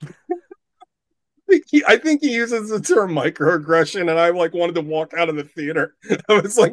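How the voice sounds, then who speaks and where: High-voiced man ranting about a movie. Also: expressive, normal speed, dry recording. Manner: profane, ranting, exasperated. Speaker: podcast co-host. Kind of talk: casual movie-review chat.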